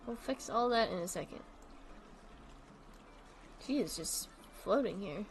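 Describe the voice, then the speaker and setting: A woman's voice: medium pitch, expressive, measured pace, slight background noise. A woman streaming a game in casual chat, rambling and chatty, often trailing off, restarting and swearing casually. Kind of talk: casual chat while playing a zoo-building game.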